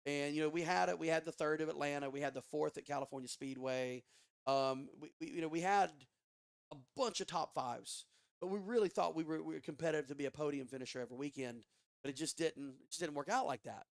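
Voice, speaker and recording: Lively, foul-mouthed man telling a story. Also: fairly high pitch, quick pace, creaky, clean tone, dry recording, clean studio sound. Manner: animated, profane, frequent restarts. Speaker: podcast guest. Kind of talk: casual storytelling. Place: studio.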